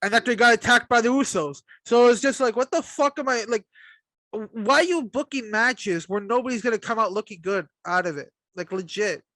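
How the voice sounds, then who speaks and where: A man's voice: very high voice, brisk, sharp tone, no echo. A man co-hosting a casual podcast, blunt and exasperated, swearing often. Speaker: podcast co-host. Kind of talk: casual wrestling chat.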